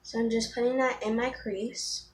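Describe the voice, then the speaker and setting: Teen girl beauty vlogger, casual and chatty, slightly high voice, faint room noise. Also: steady tone, normal speed. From Florida. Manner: chatty, rambling, with frequent ums and restarts. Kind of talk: casual makeup tutorial chat.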